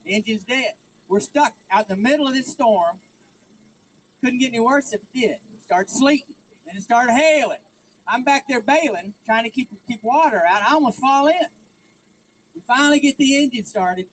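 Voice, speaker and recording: A man with a Texan drawl, spinning a homespun yarn from a rally stage. His voice sits high for a man, with a faint hum of background noise. He tells it folksy and joking, like an old storyteller. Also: expressive, moderate pace, fairly bright tone, low-quality recording. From Texas. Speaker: rally speaker.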